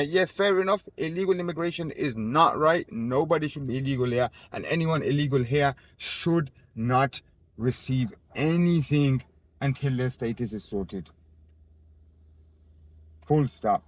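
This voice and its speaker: On a city street outdoors, a young man being interviewed rants on camera, combative and swearing. His medium-pitched voice moves a little slowly as he fires off rhetorical questions, sarcastic asides, and voiced mockery.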